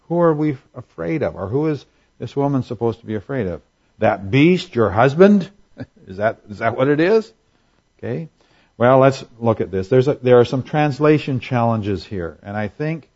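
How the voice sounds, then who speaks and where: A man's voice: mid-range voice, darkish tone, lo-fi sound. A man preaching a sermon in a conversational way, asking rhetorical questions and acting out quotes for humor. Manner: acts out quotes in voices for humor. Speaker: pastor.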